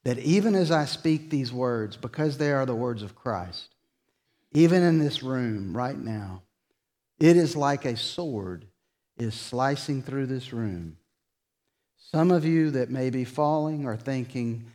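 A male pastor preaching a sermon in a church, slow and dramatic, rising to loud emphasis and dropping soft. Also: mid-range voice, animated. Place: church sanctuary.

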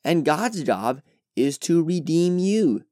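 Male podcast teacher, lively pitch, dead-dry close recording, emphatic delivery. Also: slow pace, no room sound. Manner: earnest and emphatic, voices quoted reactions with animation. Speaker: podcast host teaching scripture.

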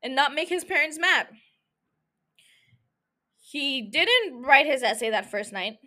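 A woman's voice: high voice, expressive, slow, sharp tone. A young woman hosting a podcast into a mic, recapping an episode in a casual, profane, joking way that keeps breaking off into asides. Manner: chatty, profane, jokey, self-interrupting. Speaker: podcast host.

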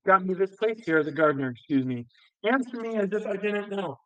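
Cast: grave, terse middle-aged fugitive, read by a man, smooth clear voice, lo-fi. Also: high-pitched, animated, brisk, no echo. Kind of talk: audiobook reading.

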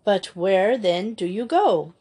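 A woman reading aloud voices a shaggy, eccentric older Austrian music master who talks in a booming, insistent way. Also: animated, slow pace, a little mellow, slightly rough, heavily acted. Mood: hearty.

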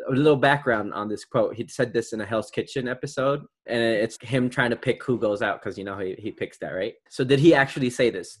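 A man's voice: mid-range voice, fairly quick, husky. A man hosting a casual podcast chat, playful and quizzing his co-host, laughing often.

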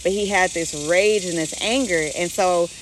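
A woman with a low-pitched voice talks through her ideas in an easy, reflective way, often slipping into quoted voices to make a point. A faint hiss sits under the recording. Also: steady tone, moderate pace. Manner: reflective, explains with acted-out example quotes. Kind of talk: casual conversation.

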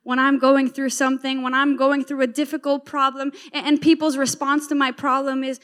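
High-voiced woman preaching emphatically. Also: flat delivery, a little fast, hardly any pauses, a bit bright. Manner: emphatic, repetitive, storytelling with voiced asides. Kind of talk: sermon.

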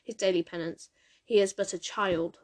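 A woman reading the lines of a weary, guarded immortal male hunter in a low, dull, quiet way. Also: steady tone, moderate pace, lightly acted. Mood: grim. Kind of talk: audiobook character reading.

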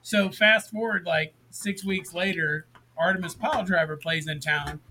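A man, hosting a casual chat and telling a profane, animated story. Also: sits high, normal speed, a little hiss or hum. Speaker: podcast host.

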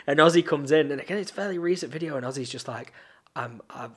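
A man's voice: a little high, quick pace, fairly bright tone. A man, co-hosting a podcast and telling long rambling anecdotes in casual chat, laughing often. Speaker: podcast co-host.

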